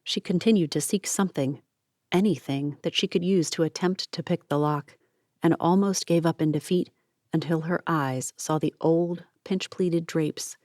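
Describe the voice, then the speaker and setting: Woman reading a novel out loud, low steady voice, dry close sound. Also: moderate pace, no echo. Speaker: audiobook narrator. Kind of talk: scripted narration.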